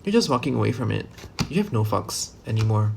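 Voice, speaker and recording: Gravelly, casual man reading tarot cards. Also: lowish voice, sing-song, brisk, noisy background. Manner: loose, rambling, lots of fillers and restarts, casual swearing. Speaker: tarot reader.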